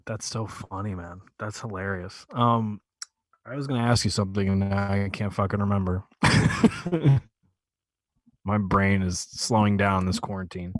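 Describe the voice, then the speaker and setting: A man co-hosting a podcast, with a voice that sits on the low side. He banters loosely and laughs easily, and the recording is dry and close. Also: measured pace, pauses often, no room sound. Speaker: podcast co-host. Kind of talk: casual chat.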